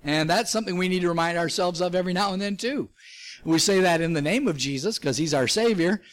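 A man with a notably high-pitched voice preaching a sermon. He teaches emphatically from slides and scripture, his voice leaping up for emphasis, with small chuckles along the way. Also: quick pace. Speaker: pastor.

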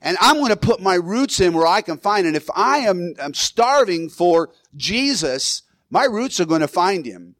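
A man's voice: high voice, sing-song, moderate pace, few pauses, fairly bright tone, no room sound. A man preaching a sermon as pastor in a church, in a loose conversational way with restarts and the odd chuckle.

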